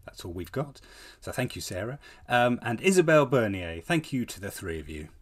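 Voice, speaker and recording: A man guesting on a chatty podcast, unhurried and mild. His voice sits at a medium pitch. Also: big pitch swings. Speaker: guest filmmaker. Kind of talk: casual podcast chat.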